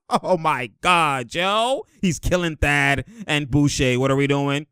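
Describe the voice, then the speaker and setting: A man hosting a casual breakdown of game footage, excitable and slangy, laughing often as he talks through plays. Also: on the high side, takes it slowly, smooth, no echo, studio quality. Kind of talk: casual play-by-play film breakdown.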